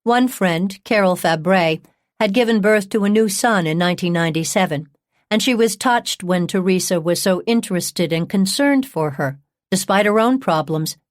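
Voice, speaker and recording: A woman reading a true-crime audiobook in a measured, even narration on a close studio mic. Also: medium pitch, no room sound.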